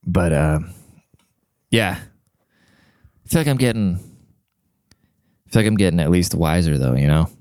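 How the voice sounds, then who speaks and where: Man in his thirties, deep low voice, dark mellow tone, quiet rambling vlog talk, smooth, dry close sound. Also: animated, moderate pace, long pauses, no echo. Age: 30s. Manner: quiet, half-whispered, rambling and profane. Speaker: vlogger. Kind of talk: casual rambling monologue to camera.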